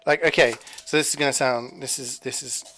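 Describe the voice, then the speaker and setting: A man's voice: medium pitch, fairly even intonation, a little fast, a bit bright, a little hiss or hum. A man streaming from his home kitchen, rambling casually to his chat as he cooks. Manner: rambling, chatty, talking to chat while cooking.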